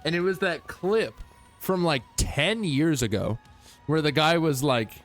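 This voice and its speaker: A man's voice: on the high side, expressive, a little slow, soft background music. A man casually commenting on his gameplay as a streamer, laid-back, swearing and talking to his chat.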